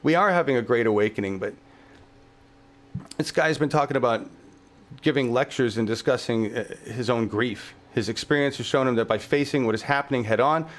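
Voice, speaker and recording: A man's voice: medium pitch, fairly quick. A male show host delivering a heated political podcast rant, swearing heavily, fervent and exasperated.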